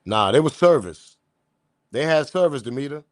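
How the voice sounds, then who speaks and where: A man's voice: medium pitch, moderate pace, no echo, studio quality. Blunt, slangy male commentary host. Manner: animated, blunt slang, talks straight to viewers. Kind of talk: casual commentary.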